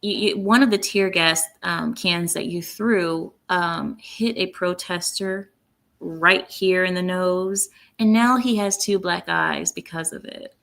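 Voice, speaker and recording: Woman, commentary host, sarcastic, mocking, unhurried delivery, gravelly fry. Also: on the low side, fairly even intonation, a bit bright. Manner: sarcastic, mocking, with many fillers. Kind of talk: opinionated political commentary.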